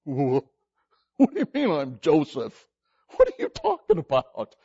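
A man's voice: sits high, very animated, normal speed, darkish tone, breathy edge, dull audio, full character voice. A man voicing frightened guilty brothers who stammer in alarm. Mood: panicked. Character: panicked guilty brothers, grown men, frightened.

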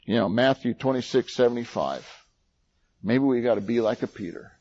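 A man preaching a sermon, reading scripture aloud in a rising, dramatic voice and dropping low and quiet for his own asides. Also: moderate pace, lo-fi sound.

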